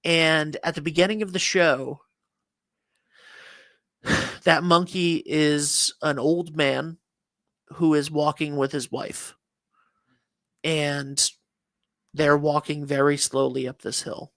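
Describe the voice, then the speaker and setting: Male morning co-host, rambling talker, a touch high-pitched, dry close sound. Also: flat delivery, slow pace, pauses often, a bit bright, no echo. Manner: rambling storyteller, many restarts and fillers. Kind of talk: casual morning show chat.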